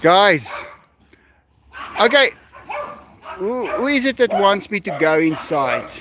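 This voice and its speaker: Beside an animal enclosure, a man whose voice sits high addresses his livestream audience in a very animated but slow manner. He has a South African accent with Afrikaans as his first language, and the casual stream is thick with background noise.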